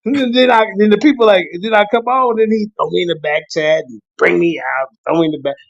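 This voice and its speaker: High-voiced man, casual rambling livestream guest, dull lo-fi dry sound. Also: quick pace, creaky, no echo. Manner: rambling, laughs often, jumps into high excited voices when quoting himself. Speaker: guest on a livestream talk show. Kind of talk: casual chat. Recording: dull lo-fi stream audio.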